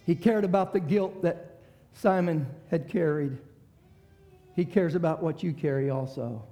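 High-voiced preacher, impassioned. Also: male voice, measured pace. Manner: impassioned, swings from shouting to hushed. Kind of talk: sermon.

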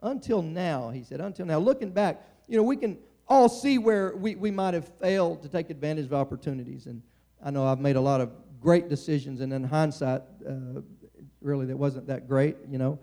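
A man's voice: on the high side, fairly even intonation, moderate pace, mellow. A middle-aged man preaching a sermon in a conversational way, often restarting and stammering.

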